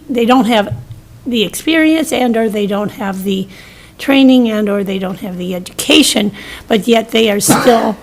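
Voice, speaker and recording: A woman's voice: fairly high pitch, low-quality recording. A woman commissioner asking questions at a public meeting, hesitant with many restarts. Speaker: county commissioner.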